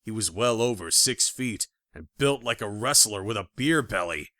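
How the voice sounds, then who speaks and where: A man narrating a thriller audiobook in the first person, with expressive storytelling. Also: on the low side, normal speed, dry recording, clean studio sound.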